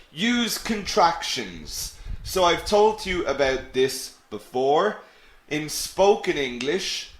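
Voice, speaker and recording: A man teaching English in a live online webinar, explaining patiently and answering questions from learners. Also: mid-range voice. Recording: echoey room.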